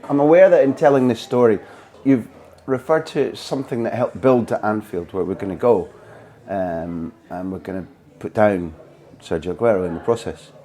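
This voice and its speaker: A man's voice: lowish voice, moderate pace, warm tone. A man from Scotland with a mild Scottish accent, hosting a podcast and asking articulate, playful questions. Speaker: podcast host, interviewer. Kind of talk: interview questions.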